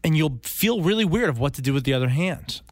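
A man with a fairly high voice chats on a podcast, telling stories with a joking edge. He is recorded close on a dry mic with no room sound. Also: lively intonation, quick pace, no room sound. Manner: chatty, jokey storyteller. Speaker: podcast co-host. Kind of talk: casual chat.

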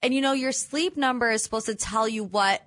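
A woman co-hosting a radio morning show in casual banter, laughing easily between lines. Her voice sits a little high and sounds bright and forward. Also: brisk. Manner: chatty, laughs often. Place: radio studio.

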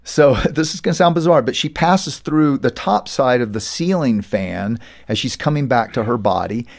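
A man's voice: mid-range voice, normal speed, creaky. A middle-aged man, a pastor and author, telling stories as a guest in an interview, acting out the quoted voices. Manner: animated storyteller, acts out quoted voices. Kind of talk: storytelling interview talk.

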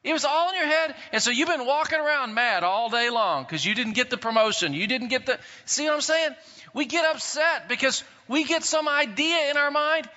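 A pastor preaching a sermon in an animated way, acting out quotes and swinging between loud and soft. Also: male voice, very high-pitched, moderate pace. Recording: dull sound in a long-reverb hall.

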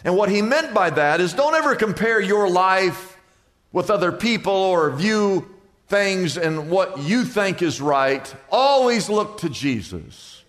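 A man's voice: high voice, animated, slow pace, a bit bright, soft background music. An older man preaching a sermon as pastor, building emphatic repeated phrases and telling stories in which he acts out both sides of a conversation. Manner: preaching with rising, emphatic repetition.

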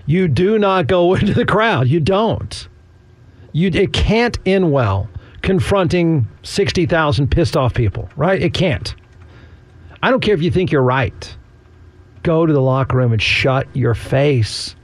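A man's voice: on the high side, lively intonation, a little slow, dry recording. A man hosting a sports talk radio show, chatting casually in a sarcastic, rambling way with frequent chuckles.

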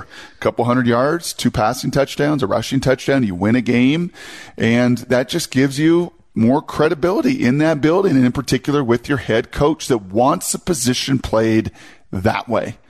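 A man talking football on a sports radio show, animated and quick, who now and then mimics fans in a high voice. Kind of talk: casual sports talk.

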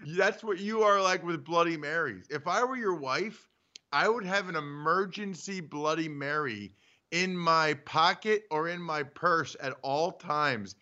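A man with a bright, clear, ringing voice co-hosts a sports talk show from home. He teases his partner in an animated, playful way, over slightly dull, lo-fi audio. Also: a little high, unhurried. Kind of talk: casual sports radio banter. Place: home studio.

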